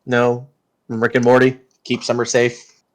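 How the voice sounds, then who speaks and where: Relaxed man plotting at the game table. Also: mid-range voice, a little slow. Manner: relaxed, plotting out loud, drifting in and out of character. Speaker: player. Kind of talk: casual tabletop role-play chat.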